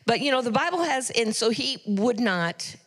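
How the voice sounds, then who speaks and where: A woman's voice: fairly high pitch, lively intonation, normal speed, a bit bright. A middle-aged woman giving church announcements from the pulpit, chatty and earnest, with frequent ums and asides. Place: church sanctuary. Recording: long reverb of a church hall.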